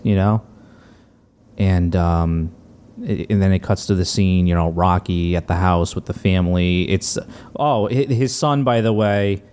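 A man casually recapping movie scenes in a relaxed way, with plenty of fillers. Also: low-pitched, measured pace, clean tone.

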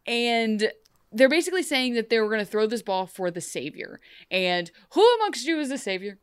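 A young woman chats about a TV episode, animated and joking, slipping into quick voices for the characters. Her voice is smooth and clean. The sound is dry and close. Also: mid-range voice, dry recording. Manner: animated, jokey, acts out characters in funny voices. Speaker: podcast co-host. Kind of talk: casual chat recapping a TV episode.

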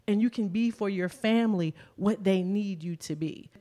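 A woman's voice: mid-range voice, moderate pace, dark tone. A middle-aged woman speaking as a panelist in a candid discussion, emphatic and emotional as she gives advice.

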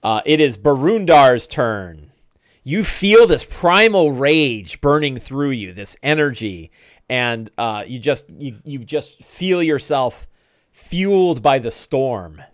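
Male dungeon master, mid-pitched, animated narration with fillers, dry close mic. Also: takes it slowly, no room sound. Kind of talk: narrating a tabletop game.

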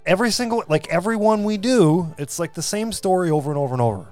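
A man co-hosting a podcast, casually retelling history, relaxed and quick to joke. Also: high voice, faint music behind. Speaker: podcast co-host.

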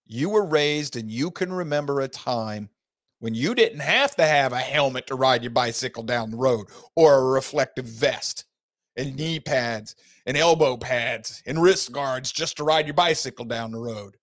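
A middle-aged man hosting an opinion talk show, folksy, preachy and emphatic, with big swings in pitch. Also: animated, normal speed. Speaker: host.

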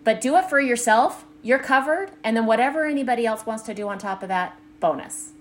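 A woman's voice: on the high side, expressive, brisk, a little hiss or hum. A middle-aged woman, a life coach co-hosting a podcast with her daughter, talking in an earnest, enthusiastic way, full of "like". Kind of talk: casual podcast chat.

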